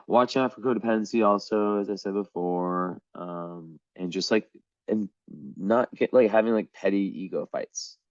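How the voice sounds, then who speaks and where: Low-voiced man giving a rambling astrology reading. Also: a little mellow, no room sound, highs cut off. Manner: meandering, hesitant, full of "like". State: losing his voice. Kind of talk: casual astrology reading to camera.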